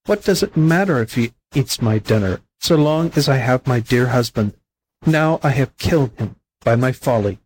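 A man's voice: mid-range voice, expressive, moderate pace, a little mellow, husky, rough recording. A man doing a plaintive little hen sparrow. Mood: lamenting. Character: meek, kind female hen sparrow.

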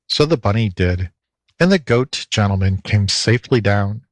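A man reading a children's storybook aloud, expressive and lilting, into a close mic. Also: lowish voice, moderate pace, no echo. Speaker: audiobook reader. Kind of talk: storybook narration.

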